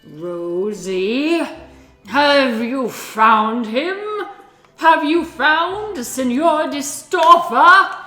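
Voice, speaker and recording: Brief: woman doing an imperious storybook fairy queen, booming and drawn out. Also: very animated, very slow, fairly bright tone, full character voice. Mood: commanding. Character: commanding, emotional fairy queen. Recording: echoey room with music behind.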